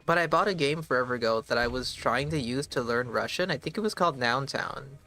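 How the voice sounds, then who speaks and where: A man streaming a game live, thinking aloud in a slow, halting way and sometimes spelling words out letter by letter. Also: medium pitch, sharp tone, soft background music. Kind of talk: casual live gameplay commentary.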